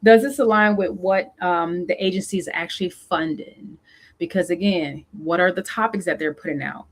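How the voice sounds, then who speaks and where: Southern woman host, lowish voice, coaching founders, lots of okays and ums. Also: moderate pace. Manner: coaching, repeats questions, many fillers. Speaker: show host and funding consultant. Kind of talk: casual solo talk to founders.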